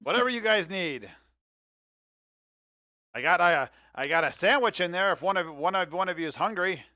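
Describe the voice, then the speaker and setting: A folksy, pushy dockside boatman, put on by a man running a tabletop game. He talks with eager salesman patter in a raised, bright voice. The sound is dry, with no room around it. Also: high-pitched, animated, normal speed, dry recording, voice pushed up.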